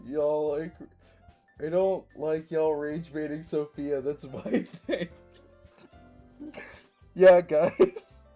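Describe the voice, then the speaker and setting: A woman streamer chatting casually with her viewers, swearing often, laughing and breaking into loud outbursts. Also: low voice, very slow, pauses often, soft background music. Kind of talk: casual livestream chat.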